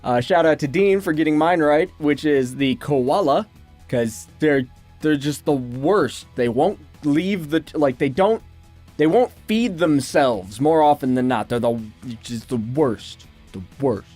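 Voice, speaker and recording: A man's voice: on the high side, a little slow, soft background music. A man co-hosting a casual chat, reading out fan questions and answering them loosely. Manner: relaxed, reads out fan questions. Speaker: co-host.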